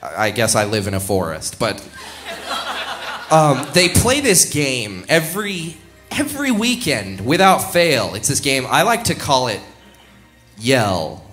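A man's voice: medium pitch, wildly swooping pitch, measured pace, a bit bright, soft background music. A young man doing a live stand-up set, rambling and self-deprecating, chuckling at his own jokes into a stage mic. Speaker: stand-up comedian. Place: comedy club stage.

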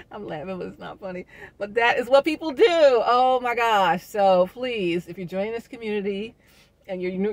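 A middle-aged woman speaks to her viewers in a chatty, uplifting vlog. Her voice carries a gravelly rasp, and she drops preacher-like asides and laughs easily. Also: low-pitched, darkish tone. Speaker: vlogger. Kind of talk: casual inspirational vlog talk.

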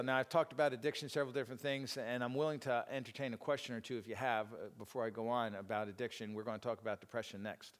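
A middle-aged man giving an informal church teaching talk, rambling and self-deprecating, with many fillers and restarts. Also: mid-range voice. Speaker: speaker at a church teaching session. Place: church hall. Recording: long hall reverb.

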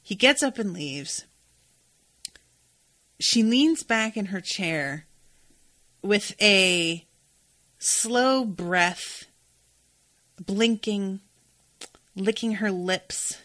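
Bright-voiced woman recapping casually. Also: medium pitch, lively intonation, drawn-out words, pauses often. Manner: chatty, swears freely, reads quoted dialogue aloud. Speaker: podcast host recapping a TV episode.

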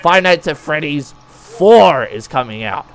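A man's voice: sits high, big pitch swings, normal speed, vocal fry, bright, forceful tone, heavily acted. A man voicing a hot-tempered male animatronic pirate fox in a cartoon, hammy and given to shrieks and rants. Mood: bickering.

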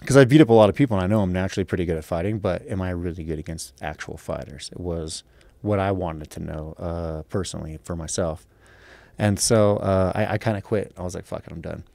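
Deep-voiced guy in his 30s swearing his way through a fight story, dry close sound. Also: fast talker, vocal fry, no echo. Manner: profane, animated storytelling with acted-out quotes. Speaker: guest, MMA fighter. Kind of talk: casual podcast storytelling.

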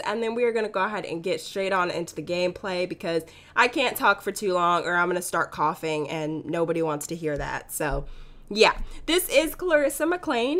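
A young woman hosting a gaming channel, hoarse from a sore throat, chatting in a bubbly, gushing way over a let's play. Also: medium pitch, bright, forceful tone. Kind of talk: casual let's play commentary.

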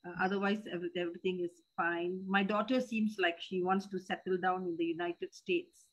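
A woman's voice: on the low side, fairly even intonation, a little fast, poor audio. Middle-aged woman, Malaysian English accent, hesitant and deferential, remote call. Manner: hesitant, repeats words and restarts, respectful. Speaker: disciple calling in with a question. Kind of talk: casual chat.

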